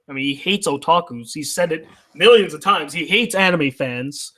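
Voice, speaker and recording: A man's voice: fairly high pitch, moderate pace, bright, forceful tone. Casual profane man reading stream chat. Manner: reads chat aloud, loose and profane. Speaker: anime reviewer reading live chat.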